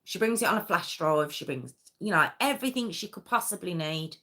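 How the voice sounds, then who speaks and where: A woman's voice: low-pitched, moderate pace, pushed and bright. A woman hosting a live true crime stream, telling the story conversationally with many fillers and restarts.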